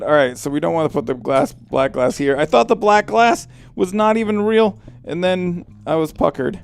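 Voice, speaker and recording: A man hosting a casual game commentary, chatty and excitable and quick to cry out in surprise. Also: on the high side, creaky, smooth. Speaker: let's play host.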